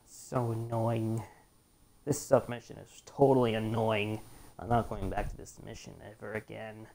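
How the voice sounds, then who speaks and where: A man's voice: lowish voice, fairly even intonation, moderate pace, creaky. A man doing live commentary over a video game, chatty, swearing a lot and breaking into frustrated outbursts. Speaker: let's play gamer. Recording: gameplay audio with loud game noise.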